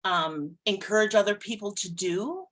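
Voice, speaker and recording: A woman psychic co-hosting a podcast in casual chat, expressive, laughing often and swearing lightly. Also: medium pitch, normal speed, rough recording.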